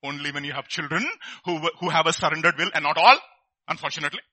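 A man preaching a lively sermon, asking his listeners rhetorical questions and acting out the people in his stories. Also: a little high, fast talker, husky, dry recording.

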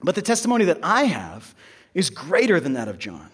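A man preaching a sermon in a conversational teaching manner, checking in with listeners and pausing for emphasis. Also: on the high side, huge pitch swings, husky. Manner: conversational teaching, tag questions, dramatic pauses.

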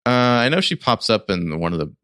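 A man's voice: on the low side, sing-song, fairly quick, fairly bright tone, clean tone, no room sound, studio quality. A man in his forties chatting casually as a podcast co-host, rambling and full of fillers. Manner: rambling, filler-heavy fan critique. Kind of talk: casual chat.

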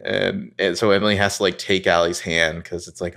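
A man's voice: deep voice, level tone, fairly quick, vocal fry, a bit bright. A man co-hosting a casual podcast, recapping a TV episode and acting out the characters' lines in jokey voices. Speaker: podcast co-host.

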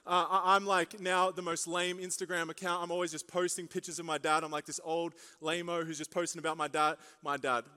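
Young man, pastor, high bright voice, animated sermon storytelling, long hall reverb. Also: fairly quick, few pauses, clear, resonant tone. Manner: animated storytelling with jokes and asides.

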